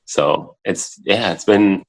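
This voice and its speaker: A man in his thirties with a very low voice talks as a podcast guest. His speech is halting and full of filler words. When he repeats what he once said, he turns lively. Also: gravelly, rough recording. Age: 30s. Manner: halting, heavy with filler words, animated when quoting himself. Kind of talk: casual interview talk. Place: home, in a child's room.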